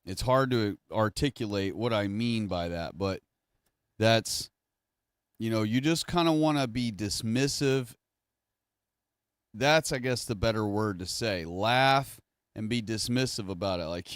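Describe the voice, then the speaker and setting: A man's voice: lowish voice, a little slow, clean tone, no echo, studio quality. A man talking to his audience in a casual livestream monologue, rambling and correcting himself as he goes. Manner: rambling, self-correcting, conversational. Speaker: streamer.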